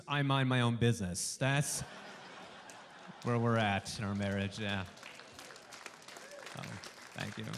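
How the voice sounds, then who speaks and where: A male stand-up comedian doing a warm-up set for a studio audience, delivering punchy jokes and acting out bits of dialogue. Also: medium pitch. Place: live comedy show before a studio audience.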